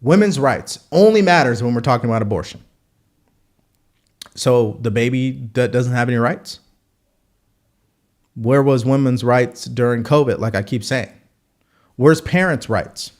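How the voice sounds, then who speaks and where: A man's voice: medium pitch, measured pace, long pauses. Male host, live political commentary, punchy rhetorical delivery, mid-range voice. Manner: rhetorical, repeats questions for emphasis.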